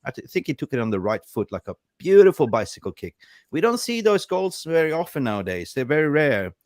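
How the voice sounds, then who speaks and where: A man hosting a casual football reaction show, excitable and full of "like, you know" fillers. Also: on the high side, a little fast, no room sound, clean studio sound. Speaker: host.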